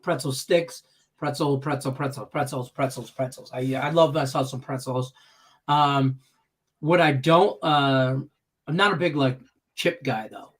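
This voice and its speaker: A man's voice: medium pitch, steady tone, unhurried, a bit bright. A man hosting a casual live stream chat, rambling and chatty, often laughing as he tells stories. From Detroit, Michigan. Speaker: host.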